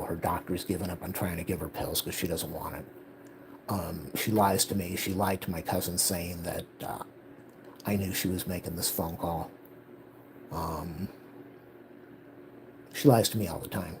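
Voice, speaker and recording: A man's voice: low voice, noisy background. A man telling a personal life update, heatedly retelling a family conflict and quoting the people involved. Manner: emotional, retelling family conflict with quoted dialogue. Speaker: vlogger.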